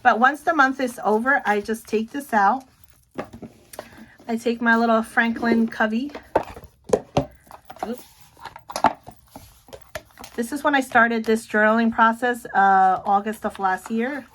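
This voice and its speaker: A middle-aged woman chatting casually about her planner, excitable, often breaking off to say look. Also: fairly high pitch, slow, long pauses, background noise. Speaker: planner vlogger. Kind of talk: casual show-and-tell chat.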